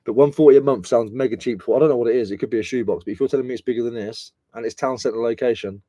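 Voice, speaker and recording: A man's voice: mid-range voice, racing, mellow, no room sound. A British man chatting casually and slangily on a reselling live stream, mocking himself as he goes. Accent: British English. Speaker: reselling vlogger.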